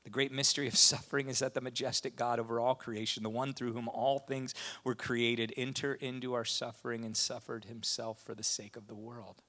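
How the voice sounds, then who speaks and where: A man's voice: mid-range voice, a little fast, hardly any pauses. A man preaching a sermon with impassioned delivery. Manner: impassioned, rising to animated retellings. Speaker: pastor.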